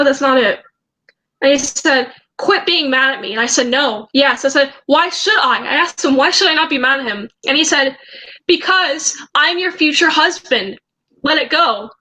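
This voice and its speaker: A young woman vlogger telling a story in a casual way, reading out chat messages and often pausing to hesitate and restart. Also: high voice, expressive, sharp tone, low-quality recording. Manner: hesitant, halting, with many ums and restarts.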